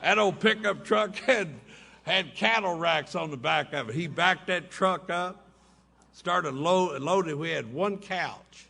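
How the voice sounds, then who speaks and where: Speaking slowly in a high, gravelly voice that sounds pushed and bright, this recovery meeting speaker entertains a hotel ballroom crowd with humorous, folksy tales. He chuckles at his own punchlines.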